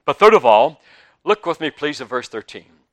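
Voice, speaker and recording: Animated older Southern preacher. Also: male voice, a little high, moderate pace. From Southern United States. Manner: animated storytelling with big swings in loudness. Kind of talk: sermon.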